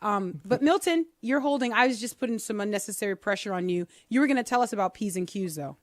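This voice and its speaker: A woman's voice: medium pitch, quick pace, no echo, clean studio sound. A woman co-hosting a radio talk show in casual, playful chat, joking at her own expense. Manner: playful, self-mocking, animated.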